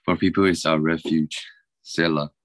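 A man's voice: rumbling low, flat delivery, moderate pace. A man steadily reading scripture aloud.

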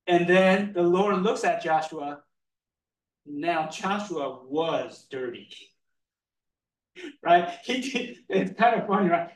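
A man gives a relaxed, conversational sermon, slow and unhurried, often laughing and tossing in "right?" His voice sits a bit high and is heard from some distance in a roomy, echoing hall. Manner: chatty, laughs often, keeps asking "right?". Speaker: preacher. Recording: echoey room, mic far off.

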